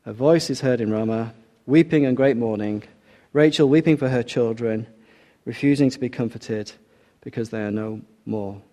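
A man preaching a sermon, earnest and measured, slowing down to stress key lines. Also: medium pitch, dark tone. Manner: measured, earnest, slows for emphasis.

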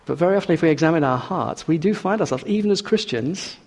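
A man's voice: a little high, lively intonation, fast talker, few pauses. Man preaching in a long reverberant hall. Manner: earnest, with rhetorical questions and hesitant restarts. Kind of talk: sermon.

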